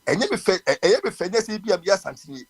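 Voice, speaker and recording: A radio host with a Ghanaian accent runs a live talk show, speaking fast and passionately in a high, animated voice that is gravelly with a breathy edge. He mixes in English and restarts his sentences often.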